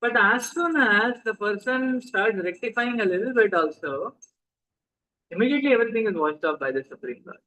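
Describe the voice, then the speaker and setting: A man with an Indian accent and a high voice delivers a relaxed, talkative sermon. He keeps checking in with his listeners through questions and drops Hindi phrases into his English. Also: moderate pace, rough recording. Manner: conversational, asks the audience questions, mixes in Hindi. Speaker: spiritual teacher. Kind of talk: sermon to a live audience.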